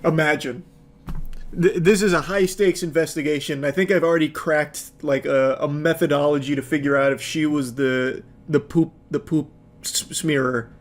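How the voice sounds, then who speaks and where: A man's voice: on the high side, steady tone, normal speed. A man giving casual reaction commentary with sarcastic jokes and laughing asides.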